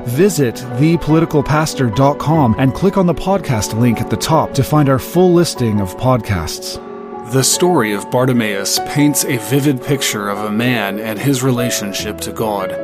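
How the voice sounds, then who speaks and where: A man reading a scripted podcast introduction in a measured, formal way. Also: medium pitch. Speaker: podcast announcer. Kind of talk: scripted announcement. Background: instrumental music.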